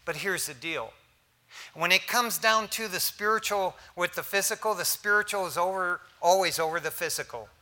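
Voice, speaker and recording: An older man, a pastor, preaching a sermon in a lively, joking way to his congregation. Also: high-pitched, normal speed.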